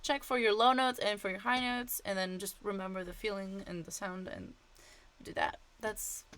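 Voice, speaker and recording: A woman's voice: medium pitch, level tone, fairly quick, fairly bright tone, a little hiss or hum. A woman voice teacher explaining vocal exercises in a casual, demonstrative way with frequent fillers.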